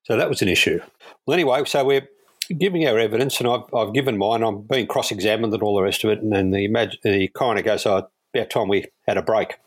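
Husky-voiced Australian man telling stories. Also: lowish voice, fast, no room sound. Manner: laid-back anecdotal, chuckles while telling stories. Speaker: guest, police air rescue crewman. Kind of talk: casual storytelling interview.

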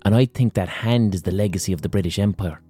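An Irish man rambles through a profane comic monologue as a podcast host. His voice is low and mellow, with a relaxed warmth to it. He builds jokes with loose asides and blunt swearing. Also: quick pace, slightly rough, soft background music.

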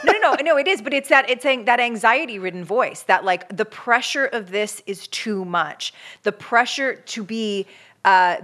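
Bright-voiced woman explaining thoughtfully. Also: mid-range voice. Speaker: podcast co-host, parenting expert. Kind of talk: casual chat.

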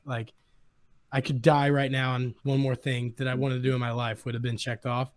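A young man hosting a podcast, excitedly retelling a story in casual chat. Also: medium pitch, moderate pace. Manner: excited, animated retelling with quoted voices. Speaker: podcast host.

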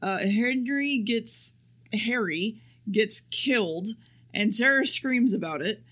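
A man with a notably high voice talks through a plot recap in loose, casual chat. He rambles, swears freely and slips into quick impressions of the characters. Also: animated, pushed and bright. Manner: rambling and profane, acts out quotes. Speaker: podcast co-host.

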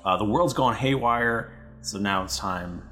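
A man, the dungeon master, chatting on a podcast and recapping a tabletop game in a halting way with many fillers. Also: lowish voice, a bit bright, faint music behind.

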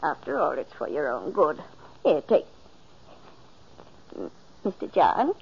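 Breathy, fussing housekeeper, old lo-fi radio play sound. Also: female voice, low-pitched, very animated, slow, exaggerated voice. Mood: scolding. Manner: scolding, caring. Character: fussing, motherly older housekeeper. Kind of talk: 1940s radio acting. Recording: dull lo-fi 1940s radio recording.

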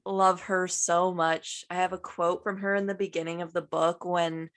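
A woman's voice: fairly low pitch, flat delivery, a bit bright. A woman co-hosting a book podcast, chatting casually with lots of "like" and easy laughter. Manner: chatty, peppered with "like", quick to laugh. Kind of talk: casual chat.

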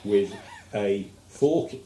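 A lowish, mellow-voiced man with a posh English accent, co-hosting a casual podcast. He rambles wryly through stories. His voice carries a roomy echo. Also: animated, very slow, a little hiss or hum. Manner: rambling, wry, storytelling. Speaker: podcast co-host. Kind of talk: casual chat.

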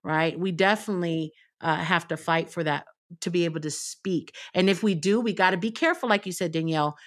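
A woman's voice: fairly low pitch, brisk. A woman radio personality as a podcast guest, telling stories in an emphatic, conversational way. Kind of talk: casual chat.

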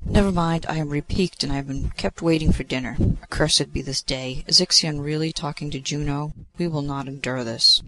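A man reading the part of an outraged, pompous king of the gods with a gravelly voice. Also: fairly high pitch, fairly quick, few pauses, bright, forceful tone, low-quality recording. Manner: indignant, blustering.

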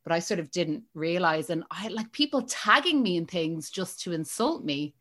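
A woman's voice: lowish voice, lively intonation, normal speed, fairly bright tone. A woman in her thirties, an actor guest on a podcast, talking casually with frequent laughs and restarts. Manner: chatty, laughs often, many restarts. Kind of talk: casual interview chat.

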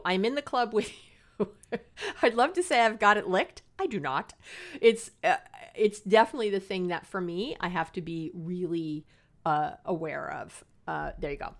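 A woman's voice: medium pitch, fairly bright tone. Middle-aged woman podcast counselor, mid-range voice, chatty, earnest, self-mocking. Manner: chatty, earnest and passionate, laughs at herself. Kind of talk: casual advice podcast monologue.

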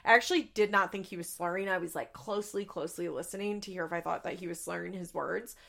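A young adult woman hosting a podcast, recapping in a chatty, profane, casual way with quick asides into a studio mic. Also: fairly low pitch, creaky, fairly bright tone. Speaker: podcast host.

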